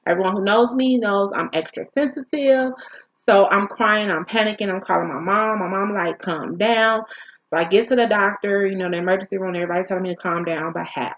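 Woman, mid-pitched, telling a raw personal story on camera; halting, emotional, candid; dull lo-fi audio. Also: a bit bright. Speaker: vlogger.

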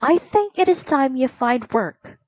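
A woman's voice: high-pitched, very animated, unhurried, a little mellow, no room sound, pitched above the performer's own voice, heavily acted. A woman voicing an anxious, caring mother in a storybook, pleading and worried.

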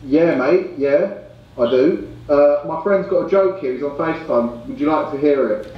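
A man's voice: fairly high pitch, moderate pace, far from the mic. A man chatting in a friendly way with a stranger on a video call. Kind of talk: casual chat. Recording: very echoey, dull video call audio.

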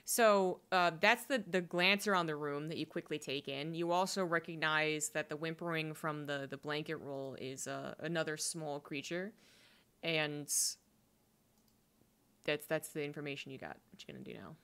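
A woman acts as game master for a tabletop adventure, describing scenes haltingly with lots of fillers. Her voice sits low. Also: fairly bright tone, smooth. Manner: hesitant, many fillers.

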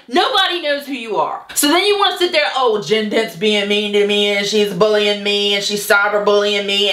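Woman vlogger, indignant profane rant, slightly high, roomy echo. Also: sharp tone. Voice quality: profane, cutting. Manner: indignant, sarcastic ranting. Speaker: YouTuber. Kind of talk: angry rant vlog.

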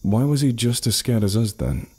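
A man narrating a horror story in an expressive, storytelling way. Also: mid-range voice, normal speed, husky.

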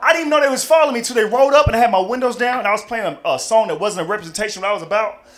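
A man from Texas doing a stand-up comedy set, telling stories animatedly and acting out loud voices. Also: high voice, racing. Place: comedy club stage with live audience.

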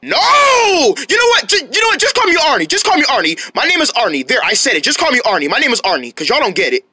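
A tiny teenage elephant from a homemade cartoon keeps repeating itself in exasperation, voiced by a woman. Its voice is high and bright and leaps wildly up and down in pitch. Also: sing-song, racing, slightly rough, dry recording, studio quality, full character voice. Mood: exasperated. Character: small teenage elephant, insistent and easily flustered.

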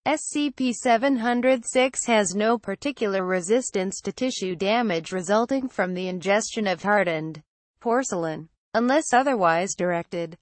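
A woman narrating a horror story as a clinical case file, measured and even. Her voice sits at a middle pitch. The recording is dry and close, with no room sound. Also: no echo.

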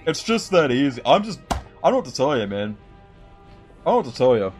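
A young man streams a game with loose, jokey chatter aimed at his viewers, looping back over the same phrases. His pitch sits in a middle range. Soft game music plays faintly behind him. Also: big pitch swings, fast talker. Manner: rambling, jokey, repeats himself, talks to chat. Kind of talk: casual gameplay commentary.

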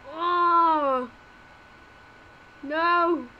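A woman's voice: very high-pitched, drawn-out words, lo-fi sound, a little hiss or hum. A woman voicing all the characters of a homemade fan cartoon, with frantic yelps and exclamations.

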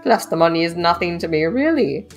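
A woman voicing a pompous, wealthy rat suitor in an affected high-pitched upper-class drawl. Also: expressive, a little fast, faint music behind. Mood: haughty.

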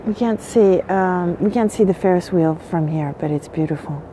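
With a lowish, dark-toned voice at normal speed, a French-accented host greets viewers in French and English during an early-morning phone livestream. She still sounds sleepy, and there's slight background noise from the windy seaside setting outdoors.

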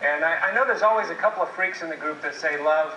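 A man's voice: on the high side, fast talker, lo-fi sound, very noisy. A man presenting a seminar talk to an audience, telling stories with jokes and questions for the crowd. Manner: jokey storytelling, addresses audience. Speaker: marriage seminar speaker. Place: classroom, video played on a TV. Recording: echoey video playback from far off.

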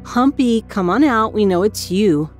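A woman's voice: medium pitch, lively intonation, measured pace, faint music behind, pitched above the performer's own voice, close to an everyday voice. A woman voicing a mean-spirited young girl in a spoken storybook, with a teasing, dismissive manner. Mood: calling.

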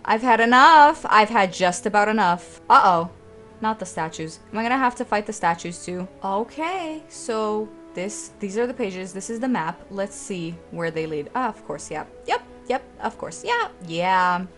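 A woman's voice: mid-range voice, big pitch swings, normal speed, a bit bright, faint music behind. A woman in her twenties giving sassy, dramatic, exasperated commentary while playing through a game. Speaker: let's play streamer. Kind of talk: gameplay commentary.

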